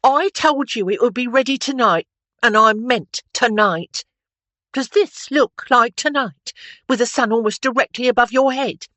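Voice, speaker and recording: A man's voice: very high voice, unhurried, pushed and bright, no echo, voice pushed up, full character voice. A man reading an audiobook, voicing a bossy young washerwoman who scolds an officer. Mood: scolding. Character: fierce scolding washerwoman, young adult woman.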